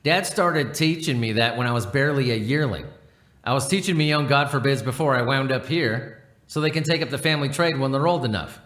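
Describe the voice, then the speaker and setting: A man's voice: mid-range voice, fairly quick, a bit bright, lightly acted. A man voicing a proud, chatty working-class male coach horse in a roomy room, reading the lines without a put-on accent. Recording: roomy echo.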